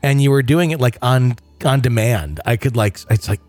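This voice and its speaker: A man's voice: mid-range voice, normal speed, a little mellow. A middle-aged man hosting a podcast, chatty and rambling as he tells stories in casual talk. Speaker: podcast host.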